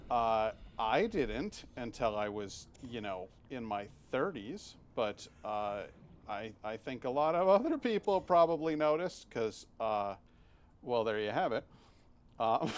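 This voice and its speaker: A man's voice: mid-range voice, lively intonation, measured pace. A man in his thirties chatting casually while streaming a game, rambling with restarts and frequent swearing. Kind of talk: live game stream commentary.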